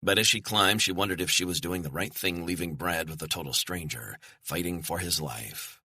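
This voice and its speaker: A man reading a thriller audiobook in measured, storytelling narration. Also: low voice, sharp tone, breathy edge, no echo.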